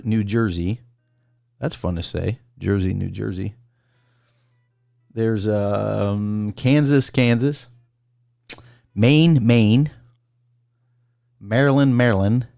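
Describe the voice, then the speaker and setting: A man with a low voice hosts a casual call-in livestream. He rambles and reads a list aloud, stopping to greet viewers by name. The sound is dry and close. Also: slow pace, vocal fry, pauses often, darkish tone, no room sound, faint music behind. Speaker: call-in show host.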